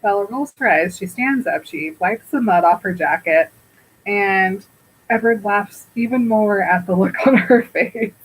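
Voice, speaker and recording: A woman's voice: medium pitch, a little slow, breathy edge, rough recording. A woman podcast co-host casually retelling a book chapter, acting out the dialogue as she goes. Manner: animated retelling with quoted dialogue and laughter. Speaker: podcast co-host recapping a novel.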